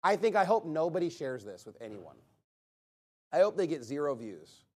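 A man with a fairly high voice delivers a sermon from the pulpit. He is emphatic and blunt, firing off rhetorical questions and answering each with a single punchy word. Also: sing-song, moderate pace, a little mellow. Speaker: preacher.

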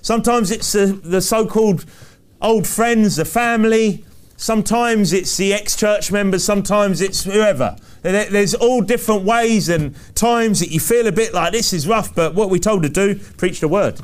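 High-voiced man preaching emphatically. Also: normal speed. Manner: emphatic, repetitive preaching cadence with rhetorical questions. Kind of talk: sermon.

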